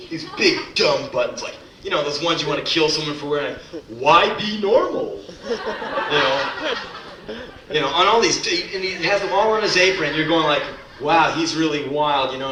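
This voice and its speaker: A young man doing a profane, comic spoken-word performance on a club stage, breaking into shouted mock rants. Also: fairly high pitch, background noise. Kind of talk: live spoken word storytelling. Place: club stage before a live audience. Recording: roomy club live recording from a distance.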